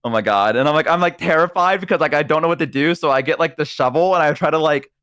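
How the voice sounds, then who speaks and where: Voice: medium pitch, steady tone, fast talker, a bit bright, no echo, clean studio sound. A streamer chatting casually on a stream, telling a story animatedly and acting out voices. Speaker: streamer guest.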